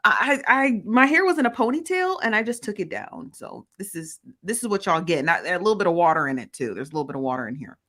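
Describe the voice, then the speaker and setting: A woman's voice: on the low side, sing-song, quick pace, few pauses, a bit bright. A woman hosting a casual livestream, chattily greeting viewers by name and reading their comments aloud. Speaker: livestream host. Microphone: phone.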